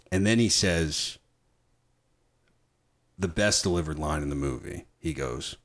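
A podcast host leads a casual film discussion, animated and enthusiastic and swearing freely. His voice rumbles low, and he speaks at a measured pace with long pauses.

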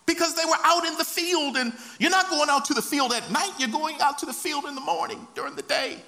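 A man's voice: very high-pitched, fairly quick, few pauses, pushed and bright. A man preaching a sermon, reading scripture and rising into impassioned, dramatic cries.

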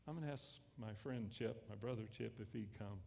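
A man pastor preaching a sermon, swelling loud and then dropping to hushed lines. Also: on the low side, brisk, creaky. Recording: echoey hall with long reverb.

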